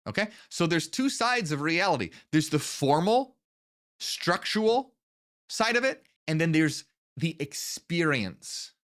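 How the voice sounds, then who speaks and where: A man's voice: fairly high pitch, sing-song, a little slow, fairly bright tone. A man giving a solo explanatory lecture as the channel's host, earnest and step by step, checking in with the listener as he goes.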